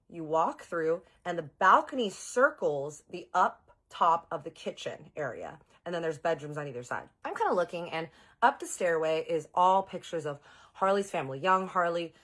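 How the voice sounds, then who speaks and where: A woman with a low voice tells a personal story in a casual, chatty way, speaking straight to her viewers. She is animated and often jumps into exaggerated quoted voices. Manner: animated, chatty, addresses audience directly.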